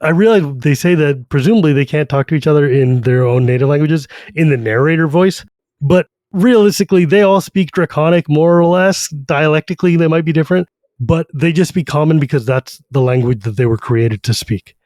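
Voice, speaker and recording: A man's voice: on the high side, no room sound. A man co-hosting a podcast, animatedly retelling a fantasy novel in casual talk. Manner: animated, retells the story with quick character voices. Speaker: podcast co-host. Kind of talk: casual book discussion.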